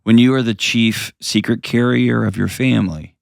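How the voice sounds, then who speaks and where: A man's voice: mid-range voice, fairly even intonation, normal speed, creaky, no room sound, studio quality. A man hosting a call-in advice show, counseling a caller in an earnest, direct, plain-spoken way.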